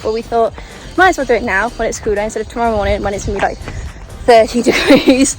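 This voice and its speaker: A woman's voice: a little high, fairly even intonation, fast, poor audio. Bubbly young woman vlogging over music. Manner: bubbly and chatty, laughs often. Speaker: travel vlogger. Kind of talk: casual travel vlog. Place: walking outdoors and inside a hotel room. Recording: music playing under the voice.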